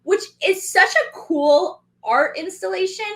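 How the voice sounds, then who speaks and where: A woman in her thirties co-hosting a casual recap show, chatty and animated with quick asides. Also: extremely high pitch. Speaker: podcast co-host.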